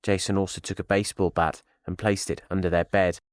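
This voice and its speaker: A man reading a thriller audio drama as narrator, in a steady storytelling manner. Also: deep voice, brisk, no echo, studio quality.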